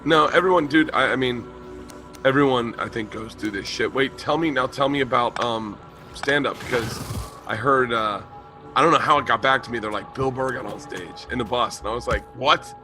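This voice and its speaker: A man's voice: mid-range voice, moderate pace, music in the background. A man in casual podcast chat, asking curious questions and swearing easily.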